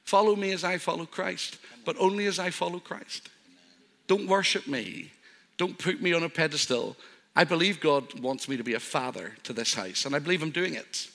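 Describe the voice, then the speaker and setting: A man's voice: on the high side, moderate pace, creaky. An older man preaching as pastor, telling humorous personal stories. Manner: warm storytelling with self-deprecating humor. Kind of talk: sermon. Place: church hall. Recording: live church hall reverb.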